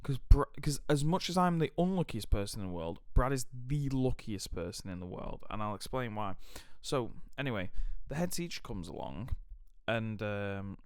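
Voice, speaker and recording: Animated young British man, smooth voice. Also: mid-range voice, normal speed, few pauses, no echo, clean studio sound. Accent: British English. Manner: animated, swearing, many fillers. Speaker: podcast host. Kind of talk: casual storytelling chat.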